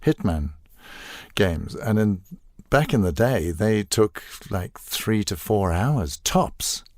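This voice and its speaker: Speaking slowly in a lowish voice, a South African man in his sixties, a voice actor, shares wry stories as an interview guest. His telling is animated and casual, with playful asides, and the studio-quality audio has no echo.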